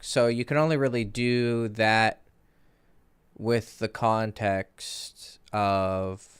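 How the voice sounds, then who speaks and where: This is a man in his thirties with a lowish, smooth, clear voice. He talks in a candid, rambling way, full of fillers and restarts, as a dating coach answering questions on a casual livestream. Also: fairly even intonation, very slow.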